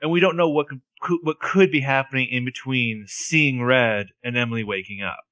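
Regular-pitched guy chatting about an episode, dry close mic, says like a lot. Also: normal speed, fairly bright tone, no room sound, muffled recording. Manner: chatty, lots of "like" and restarts. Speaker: podcast co-host recapping a TV episode. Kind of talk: casual chat.

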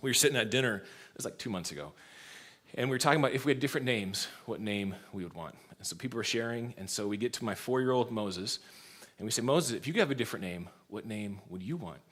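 A pastor in his thirties delivers a church sermon through storytelling, often laughing along. His voice is lowish and quick with a breathy edge, and his loudness shifts lively from moment to moment.

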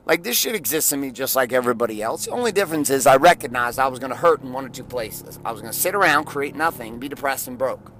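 A middle-aged man giving an intense, blunt motivational monologue, swearing often and rising at times to shouting. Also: mid-range voice, lively intonation, fast talker, hardly any pauses, slight background noise. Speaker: motivational podcast host.

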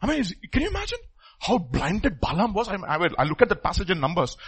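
A middle-aged man preaching a sermon, emphatic, repeating phrases and swinging between loud and soft. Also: sits high, huge pitch swings, quick pace, breathy edge, poor audio.

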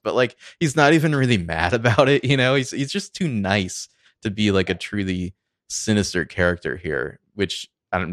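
A man's voice: sits low, fairly bright tone, clean tone, no echo, clean studio sound. A man co-hosting a podcast, talking through movie picks in hesitant, filler-heavy casual chat. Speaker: podcast co-host.

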